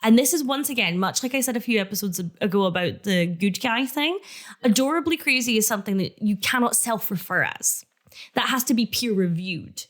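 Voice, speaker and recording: A young woman co-hosts a chatty podcast, with a somewhat high voice that leaps around. She laughs often and slips into quoted lines as she tells the story. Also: expressive, a little fast. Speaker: podcast co-host. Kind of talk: casual chat recapping a TV show.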